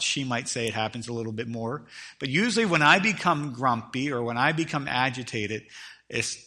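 A man's voice: medium pitch, sharp tone, husky. A middle-aged man preaching a sermon, with emphatic delivery that swells and drops in volume, often repeating words as he restarts. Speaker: pastor.

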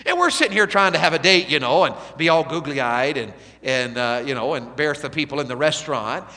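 Man preaching revival, folksy, bright and slightly high voice, long hall reverb. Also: animated, fairly quick. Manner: folksy, swings from soft asides to shouted appeals. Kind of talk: revival sermon. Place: church sanctuary.

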